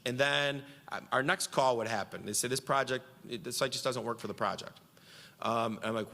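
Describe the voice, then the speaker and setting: A man's voice: medium pitch, normal speed, sharp tone, big-room sound. A man giving a conference speech from Central New York, telling a story and quoting himself and others with animation.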